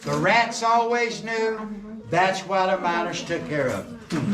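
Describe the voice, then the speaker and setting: A man's voice: high voice, measured pace, a crowd in the background. A middle-aged man, guiding a tour through a coal mine and telling jokes and stories in a folksy way. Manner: folksy joking storyteller. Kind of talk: guided tour talk. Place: underground mine tunnel. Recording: roomy echo, distant camera, background noise.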